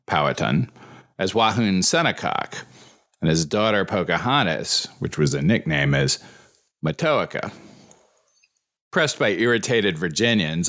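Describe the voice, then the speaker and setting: Male podcast host with a low voice, reads from a script with a dry, wry wit. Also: fairly bright tone. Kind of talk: scripted history podcast narration.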